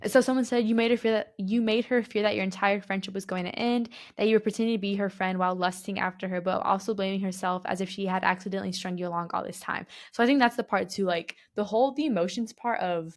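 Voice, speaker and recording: A woman's voice: medium pitch, a little fast. A young woman co-hosting a casual podcast, reading a story aloud and then chatting about it with a lot of "like" and some disbelief. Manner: chatty, fillers like "like", reacts with disbelief. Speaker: podcast co-host.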